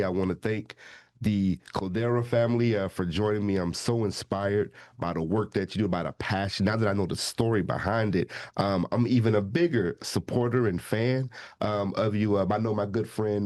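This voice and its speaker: Guy hosting a local podcast, kinda low voice, earnest, lots of ums. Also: a little mellow. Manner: earnest, uses filler ums and uhs. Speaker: host, state representative.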